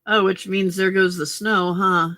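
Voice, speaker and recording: A woman hosts a casual late-night crafting livestream from home, greeting viewers, chatting and talking to herself as she works. Her medium-pitched voice is steady, unhurried, pushed and bright.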